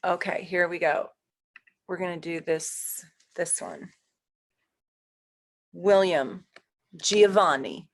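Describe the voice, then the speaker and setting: A woman's voice: lowish voice, takes it slowly, pauses often. A woman astrologer hosting a casual live stream, chatting with viewers, easily flustered and laughing often.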